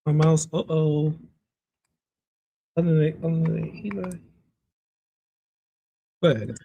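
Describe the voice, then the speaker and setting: A man with a high, light voice runs a commentary on online drama. He talks in a lively, mocking way and keeps breaking into laughter. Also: takes it slowly, creaky. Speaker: commentary host.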